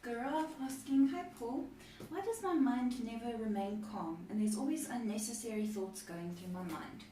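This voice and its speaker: A woman co-host reading viewers' questions aloud in an even, quiet way. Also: a little high, normal speed. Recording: very echoey, distant from mic, faint noise.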